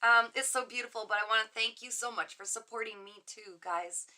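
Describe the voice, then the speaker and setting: Woman, middle-aged, very bright sharp tone, slightly high voice, gushing livestream chatter. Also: fairly quick. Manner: effusive, gushing and warm toward viewers; chatty and rambling with frequent laughs. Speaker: livestream host and psychic reader. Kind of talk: casual livestream chat reading viewer comments. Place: home office.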